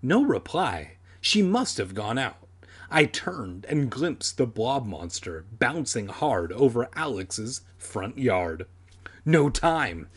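Husky man reading a horror story aloud. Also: mid-range voice, slow pace. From San Diego area. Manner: animated, sardonic, crude asides. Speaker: reader of a children's horror book. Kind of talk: dramatic reading with comic asides.

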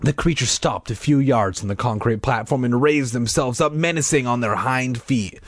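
A man reads a children's horror book aloud at a moderate pace, with no room sound. He's dramatic, shrieking in high voices for the characters and tossing in offhand asides.

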